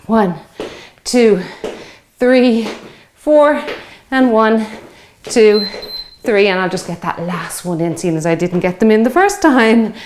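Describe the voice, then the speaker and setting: A woman in her fifties, working as a fitness instructor, leads a guided workout in a chatty, encouraging way, counting reps aloud while out of breath from exercising along. Her mid-range voice is animated, slow and a little mellow. There's slight background noise.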